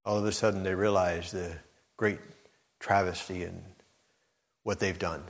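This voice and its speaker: A man's voice: deep voice, level tone, unhurried. Man preaching in a reverberant hall. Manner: preaching with surging intensity, rising to near-shouted emphasis. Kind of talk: sermon.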